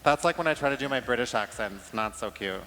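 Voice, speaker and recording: A man's voice: medium pitch, lively intonation, quick pace, bright, forceful tone, slight background noise. A man co-presenting at a live stage show, playful and teasing, joking with his colleagues and the crowd. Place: large event hall on stage. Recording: live hall with long reverb.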